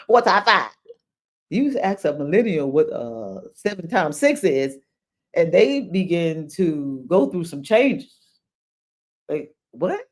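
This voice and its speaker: A woman's voice: lowish voice, big pitch swings, slow pace, mellow. An older woman from New York with a New York accent, hosting her own podcast in a chatty, unscripted monologue, repeating phrases and breaking into exclamations. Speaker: podcast host. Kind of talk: casual monologue.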